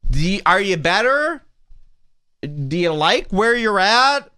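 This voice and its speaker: A man's voice: high-pitched, very animated, slow, sharp tone, clear, resonant tone, no echo. A man hosting a podcast, delivering a sarcastic, mock-preachy comedic rant in a close, dry studio recording. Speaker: podcast host. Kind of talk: ranting comedic monologue.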